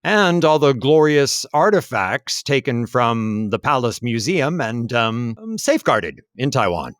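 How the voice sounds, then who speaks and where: A man co-hosts a history podcast in a loose, conversational way, thinking aloud with plenty of fillers. His voice sits at a middling pitch. It is recorded close and dry, with no room sound. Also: animated, unhurried, fairly bright tone, dry recording. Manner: conversational, musing, frequent fillers. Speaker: podcast co-host. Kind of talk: casual history podcast chat. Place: lives in Taiwan.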